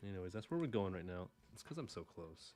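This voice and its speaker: Brief: low-voiced man from Texas, faint twang, rambling live-stream chatter, jokes at his own expense. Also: big pitch swings, fast, dark tone, faint music behind. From Houston, Texas. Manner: rambling, self-deprecating, mutters to himself. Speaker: livestream artist. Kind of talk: casual live-stream chat while drawing.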